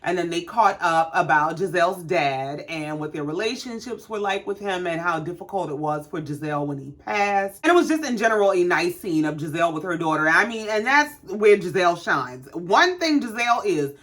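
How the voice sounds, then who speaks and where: A woman's voice: lowish voice, lively intonation, fairly quick, hardly any pauses, a bit bright. A woman casually recapping a reality show with sassy, profane commentary.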